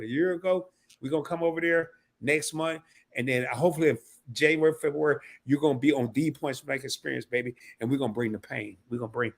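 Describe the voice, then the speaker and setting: A man hosting a casual live stream, talking loosely, repeating himself and breaking into laughter. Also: on the high side.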